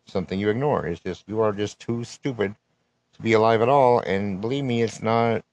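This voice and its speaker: A man's voice: on the low side, fairly quick, darkish tone, no room sound, highs cut off. Man in a profane, rambling rant. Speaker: solo podcaster. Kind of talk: unscripted live rant.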